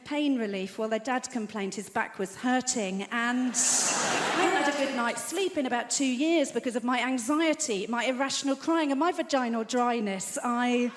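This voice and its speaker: A woman in her fifties delivers a self-mocking stand-up set in a fairly high voice. The sound carries the roomy echo of a big theatre, with a long reverb tail. Loud crowd noise sits under her lines. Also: moderate pace. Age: 50s. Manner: dry self-mocking storytelling. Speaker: stand-up comedian. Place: large theatre stage.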